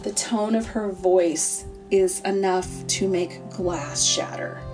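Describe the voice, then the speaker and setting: A woman narrating a comedic story in a deadpan, sardonic way. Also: fairly low pitch, takes it slowly. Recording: distant mic, faint music.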